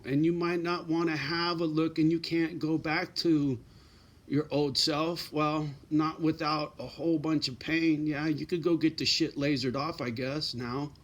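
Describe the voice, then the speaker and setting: A man's voice: on the high side, a bit bright. A middle-aged man giving blunt, profane advice in a casual straight-talking monologue, often tagging lines with "right?" and "you know".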